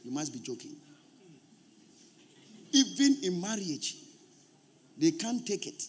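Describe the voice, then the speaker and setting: A man preaching a sermon as pastor, emphatic and repetitive, at times shouting. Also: high voice, sing-song, takes it slowly, breathy edge.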